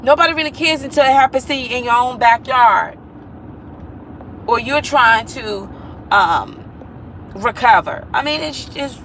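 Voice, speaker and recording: A woman's voice: on the high side, unhurried, long pauses, background noise. A mother talking to viewers in a casual vlog monologue, earnest and emphatic, repeating herself and pleading with listeners.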